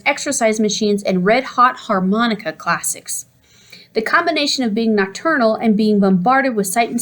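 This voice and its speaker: A woman reading a children's storybook aloud in an expressive way, putting on voices for the characters. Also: fairly high pitch. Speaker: audiobook reader. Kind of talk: storybook narration.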